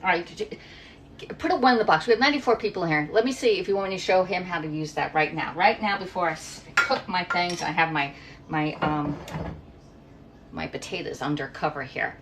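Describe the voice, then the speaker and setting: A middle-aged woman from Pennsylvania runs a cooking livestream in her home kitchen, casually rambling and voicing viewer comments. Her voice is lowish and fairly quick, with noise in the background.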